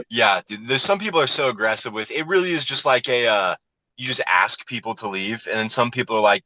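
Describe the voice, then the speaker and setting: A man telling profane, animated stories in casual chat as a comedian guest on a podcast, acting out the people he quotes. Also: mid-range voice, fairly quick, no echo, rough recording.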